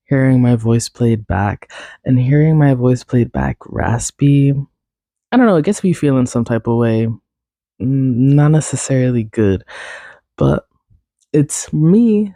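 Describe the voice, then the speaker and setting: A young woman hosting a casual solo podcast, raspy and congested from a cold, rambling along with lots of fillers. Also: very deep voice, dark tone, no room sound, studio quality. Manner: rambling, filler-heavy, self-deprecating. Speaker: podcast host.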